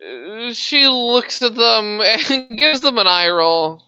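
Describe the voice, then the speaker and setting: A woman narrates a tabletop game as dungeon master, slow and halting, filling pauses with ums. Her voice is bright and smooth. It sounds dull and dry, recorded close on a home mic. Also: fairly high pitch, sing-song, dry recording. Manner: unhurried, halting narration with fillers.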